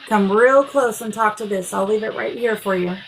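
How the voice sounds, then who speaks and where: A woman hosting a live stream as a psychic medium, speaking gently and soothingly and calling her guests darling. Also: medium pitch, moderate pace, a little hiss or hum, rough recording. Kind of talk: live-stream spirit reading.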